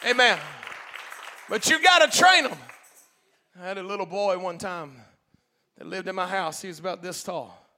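A male Pentecostal pastor with a very high, bright, sharp voice. He drops into low conversational asides, then climbs into loud shouted preaching, folksy and colloquial throughout. A congregation murmurs faintly in the background. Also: normal speed, some chatter behind. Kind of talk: Pentecostal sermon.

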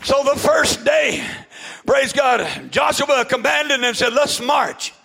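A male pastor, preaching a fervent shouted sermon to his congregation, peppered with "amen" and "uh". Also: very high voice, expressive, slow, creaky, low-quality recording. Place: church with congregation.

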